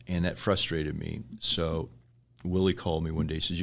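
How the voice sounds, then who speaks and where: Middle-aged man, interview guest. Low, gravelly, rambling anecdotal delivery. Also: fairly even intonation, a little fast, a bit bright. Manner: rambling anecdotes with acted-out quotes and chuckles. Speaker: restaurant franchise owner, guest. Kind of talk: casual storytelling interview.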